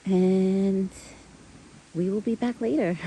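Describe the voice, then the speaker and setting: A woman's voice: mid-range voice, fairly even intonation, takes it slowly, dark tone, slight background noise, rough recording. A woman talking casually to the camera outdoors in a yard, chatty and full of "like" fillers. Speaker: vlogger who cares for a pet deer. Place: outdoors in a yard near a street.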